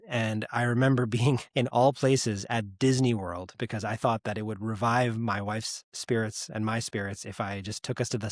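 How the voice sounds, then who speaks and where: A man's voice: mid-range voice, no echo, studio quality. A man in his thirties, a podcast guest, telling a painful personal story in an earnest, reflective way. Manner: earnest, reflective, gets choked up at moments.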